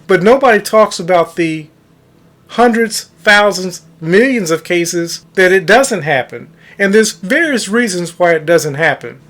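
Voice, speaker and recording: Pitched high with a fairly bright tone, this manifestation coach tells a story in casual monologue form. He stresses certain words for emphasis and addresses the audience as "guys."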